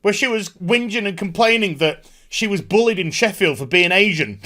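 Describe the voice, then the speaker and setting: A man's voice: sits high, expressive, normal speed, sharp tone. A man giving a sarcastic, sweary TV episode review in a casual rant. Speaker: YouTube TV reviewer.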